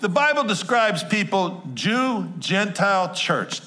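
A pastor with a New Jersey accent delivers a sermon in a fairly high, expressive voice with a sharp edge. He keeps it chatty and full of jokes, tossing quick asides to his congregation.

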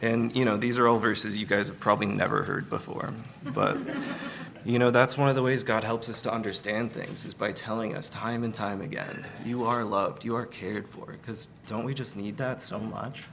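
A man giving a conversational Sunday sermon, relaxed, with many fillers and light humor. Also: lowish voice, normal speed, gravelly, background noise. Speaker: preacher.

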